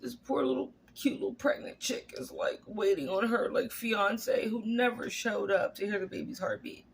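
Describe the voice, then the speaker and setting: A woman voicing a gushing, sympathetic female coffee shop customer in a high, sweetly pitying tone. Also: normal speed, vocal fry, husky, rough recording.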